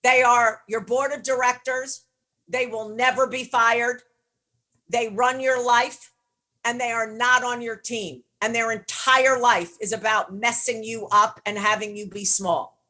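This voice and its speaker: A woman's voice: a little high, fairly even intonation, unhurried, bright, forceful tone. A middle-aged woman coaching on leadership, teaching in a blunt, emphatic way with casual swearing. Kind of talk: motivational teaching session.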